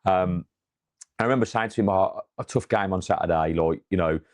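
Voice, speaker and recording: A man co-hosting a casual fan chat after a match, telling stories with animated, rising excitement. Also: low-pitched, fairly quick. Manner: animated storytelling, rises in excitement. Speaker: fan channel co-host.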